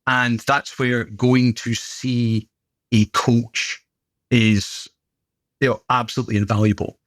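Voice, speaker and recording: A man's voice: mid-range voice, level tone, slow, fairly bright tone, dry recording. Chatty British man telling stories. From Britain. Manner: chatty, good-humoured storyteller. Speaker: gym owner and podcast guest. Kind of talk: casual anecdotal conversation.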